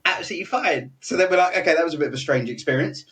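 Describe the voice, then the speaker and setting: A young British man, a podcast host, telling an animated story in casual chat, laughing often and restarting his sentences. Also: on the high side, racing, distant mic. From Britain.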